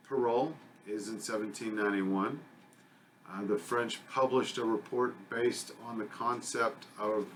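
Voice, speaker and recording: A man's voice: fairly low pitch, slight background noise. A man, a criminal justice instructor, giving a conversational recorded lecture with frequent fillers and self-corrections.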